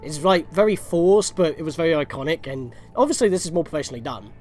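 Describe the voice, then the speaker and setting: A man's voice: on the high side, lively intonation, fast talker, darkish tone. A young man giving rambling, chatty commentary over a video game walkthrough, often correcting himself mid-sentence. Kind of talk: casual gameplay commentary. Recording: game music faintly behind.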